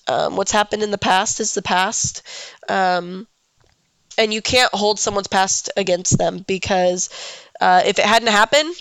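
A woman's voice: mid-range voice, vocal fry, fairly bright tone, clean tone, no echo. A young woman hosting a solo podcast, congested and a bit emotional, talking candidly with many fillers and some swearing. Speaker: podcast host.

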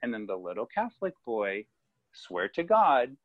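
During relaxed podcast banter, a male co-host tells a story at normal speed in a medium-pitched voice. He animatedly mimics the children in it, recorded dry and slightly dull with no room sound.

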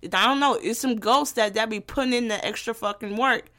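A young woman from Gary, Indiana, hosting her own podcast in a brash, profane, teasing comedic monologue. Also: a little high. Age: young adult. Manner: brash, profane and animated, quick to tease. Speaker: podcast host.

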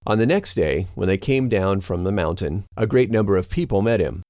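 A man reads scripture aloud in a steady, measured way. His voice sits low, and the recording is dry and close, with no room sound. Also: no room sound. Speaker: narrator.

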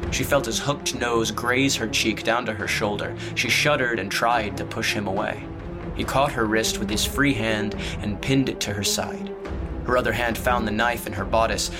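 A man with a fairly low voice reads a dark fantasy story aloud in a steady, measured way. He narrates in an even storytelling manner. Music plays clearly beneath his voice. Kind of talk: scripted audiobook narration.

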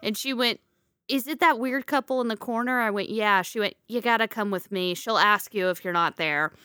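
A woman's voice: mid-range voice, normal speed, pushed and bright, smooth, no room sound, studio quality. A woman telling a story in casual chat, laughing often and acting out the voices of people in it.

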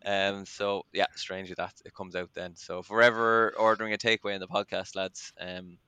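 Irish male podcast host, crisp and bright tone, easygoing and rambling with ums. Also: deep voice, level tone, fairly quick, no room sound. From Ireland. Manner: chatty and self-deprecating, lots of ums. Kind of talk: casual podcast chat.

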